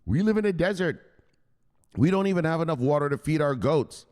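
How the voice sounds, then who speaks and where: A man's voice: on the high side, animated, brisk, a little mellow, in a large hall, voice pushed up, close to an everyday voice. A man voicing jeering townsmen who scoff at an ark builder in crude slang.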